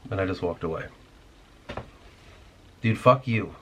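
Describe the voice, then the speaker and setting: A man's voice: lowish voice, moderate pace, pauses often. A man hosting a podcast, delivering a rambling, irritated, profane rant in casual talk. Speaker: podcast host.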